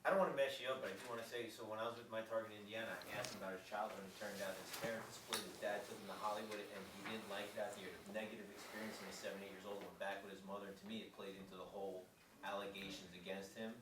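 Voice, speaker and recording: A man telling a story quickly during a group training discussion, recorded from across the room. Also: fairly low pitch, flat delivery. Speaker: undercover reporter. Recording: distant, roomy, noisy.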